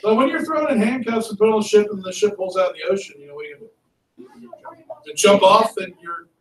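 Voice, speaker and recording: A male history teacher lecturing a class in a lively, conversational way and asking students questions. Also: high voice, a little fast. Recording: echoey classroom from far off.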